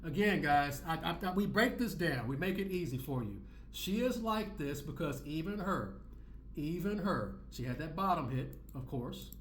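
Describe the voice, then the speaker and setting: A man's voice: a little high, animated, moderate pace, echoey room, soft background music. Preachy man with a slangy rant. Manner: preachy, repeats himself, street slang. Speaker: commentary vlogger. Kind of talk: reaction commentary.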